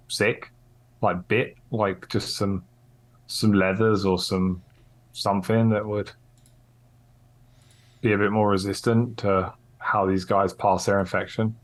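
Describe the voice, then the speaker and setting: A man playing a tabletop game, blunt and confrontational when he speaks in character. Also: lowish voice. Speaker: player. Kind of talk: casual tabletop game play.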